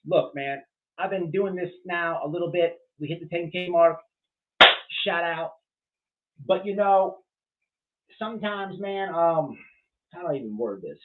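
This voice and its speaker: A man's voice: fairly high pitch, lively intonation, a little slow, pauses often. A man hosting a casual livestream, rambling bluntly and with profanity as he reacts to chat, full of fillers and restarts. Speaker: livestream host. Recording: tinny phone-like sound.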